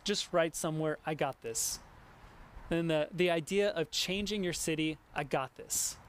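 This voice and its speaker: A man preaching a sermon in an animated way, often stopping and restarting and acting out imagined conversations. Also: sits high, slight background noise. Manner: animated, acts out imagined dialogue with many restarts.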